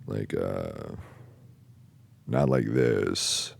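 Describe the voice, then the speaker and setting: Hosting a podcast, a man recounts something personal in a rumbling low, expressive voice marked by vocal fry. He stops and starts, using lots of fillers and pauses, swears casually, and lets sentences fade out quietly. There's no echo on the recording.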